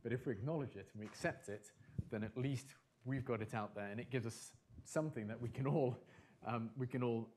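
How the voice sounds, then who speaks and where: A man giving a conference talk, animated and emphatic, repeating his key phrases for effect. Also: mid-range voice, a little fast, a little hiss or hum. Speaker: conference speaker.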